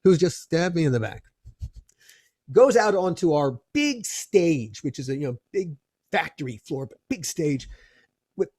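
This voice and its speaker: A man, a film producer guest, telling a lively anecdote in an expressive way and often restarting his phrases. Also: fairly high pitch, measured pace, husky, dry recording, studio quality.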